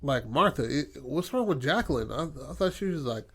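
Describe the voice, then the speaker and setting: A man's voice: on the high side, lively intonation, moderate pace, a bit bright, slightly rough, exaggerated voice. A man doing a flustered, stammering dad. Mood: confused. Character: worried father, middle-aged man.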